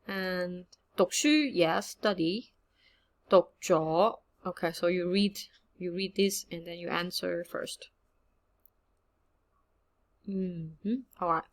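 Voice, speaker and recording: A woman teaching a casual online language lesson, chatty and relaxed, mixing English and with frequent fillers. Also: fairly low pitch, slow, pauses often. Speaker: Cantonese teacher.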